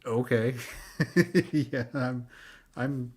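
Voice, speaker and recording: A man's voice: mid-range voice, very slow. A man chatting casually as a podcast guest, easygoing and laughing often. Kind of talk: casual chat.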